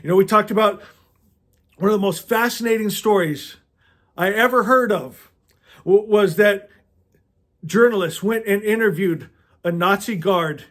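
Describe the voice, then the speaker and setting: A man's voice: sits high, measured pace, pauses often, a bit bright. A man giving an impassioned preaching monologue as a spiritual speaker, stammering and restarting often and firing off rhetorical questions.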